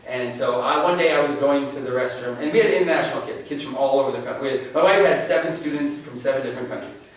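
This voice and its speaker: A man giving an informal faith talk to a class, animated and joking, often restarting his sentences. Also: mid-range voice, fast. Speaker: catechism class presenter. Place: church meeting room. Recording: very echoey room, mic at a distance.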